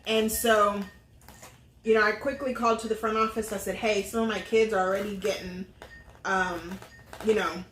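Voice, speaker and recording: A middle-aged woman hosting a vlog tells a personal story in earnest, full of fillers, in a casual storytelling chat. Her mid-range voice is fairly bright with little pitch movement and a moderate pace, recorded with roomy echo and slight background noise.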